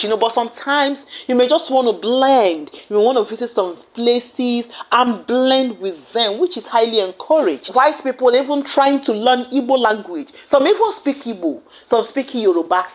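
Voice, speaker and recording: A woman's voice: fairly high pitch, lively intonation, moderate pace, few pauses. A Nigerian woman hosting an explainer video, talking in an emphatic, playful way with pidgin asides. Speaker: host. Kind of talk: explainer commentary.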